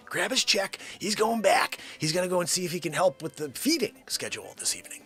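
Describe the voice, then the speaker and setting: A man hosting a daily live comedy stream, rambling and joking, swinging from loud bursts to muttered asides. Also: sits high, very animated, fast, faint music behind. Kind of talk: unscripted live comedy chat. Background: his own intro song playing.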